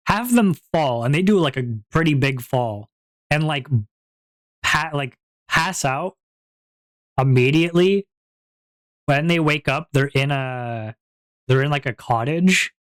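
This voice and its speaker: A man streamer chatting casually with his viewers, rambling, with many fillers and restarts. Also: medium pitch. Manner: laughs at his own jokes.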